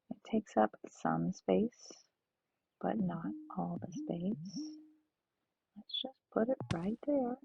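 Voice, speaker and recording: A woman's voice: mid-range voice, expressive, takes it slowly, vocal fry, mellow, slight background noise. A woman streaming a farming game, chatting and thinking aloud to her viewers. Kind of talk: casual let's-play chat. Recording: dull lo-fi stream audio.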